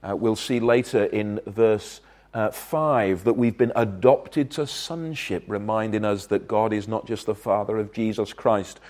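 A man preaching a sermon from Wales, earnest and emphatic, his loudness swelling and dropping as he makes his points. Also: on the low side, unhurried.

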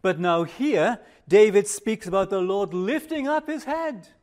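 Slow, high-voiced older male preacher. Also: expressive. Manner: slow, measured preaching with emphatic rises and hushed pauses. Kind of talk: sermon.

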